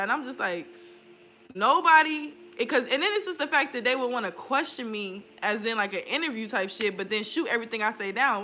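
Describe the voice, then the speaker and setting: A woman's voice: on the high side, lively intonation, brisk, bright, forceful tone, a little hiss or hum. A young woman talking candidly in a casual vlog, swearing freely and laughing often. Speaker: spiritual vlogger. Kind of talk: casual confessional chat.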